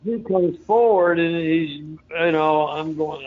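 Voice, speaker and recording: A man's voice: fairly high pitch, slow. Rambling storyteller man on a phone line. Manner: rambling, folksy, lots of fillers. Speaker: interview guest. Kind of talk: casual storytelling. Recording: phone-like narrow sound.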